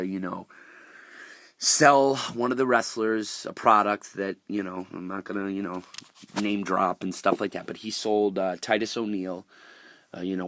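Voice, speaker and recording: A young man with a lowish, slightly bright voice rants casually about wrestling on his vlog, sounding exasperated and full of fillers and restarts. The recording is dry.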